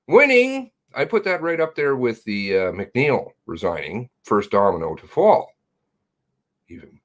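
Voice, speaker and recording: Man, live streamer, very low voice, lively swoops, rambling, self-mocking, reads chat aloud. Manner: rambling and self-mocking, jumping between laughs and mutters. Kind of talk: casual live-stream chat, reading viewer comments aloud.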